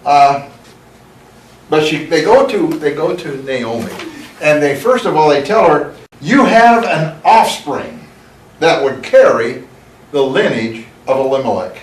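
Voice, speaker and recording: A man teaching a Bible lesson in a church, reading scripture slowly and emphatically, then explaining it in a conversational way with asides. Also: fairly high pitch, animated, slight background noise. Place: church room. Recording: echoey room, mic at a distance.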